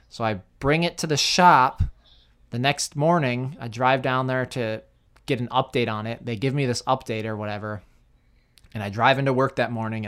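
A young man co-hosting a casual podcast, telling work stories with laughs and acted-out quotes. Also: medium pitch. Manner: animated, laughing storyteller who acts out quotes. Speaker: podcast co-host. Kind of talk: casual storytelling chat.

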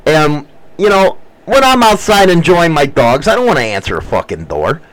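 A man hosting a casual talk show at home, telling crude, animated stories and swearing constantly. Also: on the high side, moderate pace, low-quality recording. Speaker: podcast host. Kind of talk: casual profane storytelling.

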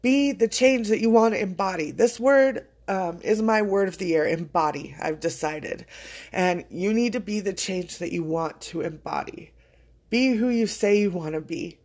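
A woman's voice: mid-range voice, normal speed, darkish tone. Earnest woman podcaster, heartfelt and casual. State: choking up with emotion. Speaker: podcast host. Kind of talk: casual motivational monologue.

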